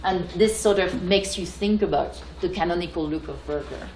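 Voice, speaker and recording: A woman from France with a French accent, giving an academic lecture and pausing often with fillers and restarts. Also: on the low side, darkish tone, reverberant, a little hiss or hum, rough recording. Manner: hesitant, many fillers and restarts.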